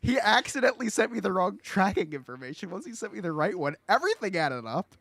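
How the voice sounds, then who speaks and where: Animated man telling a story. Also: high voice, fast talker, creaky, no echo. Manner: animated, excitable, acts out quotes. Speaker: podcast host. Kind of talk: casual storytelling chat.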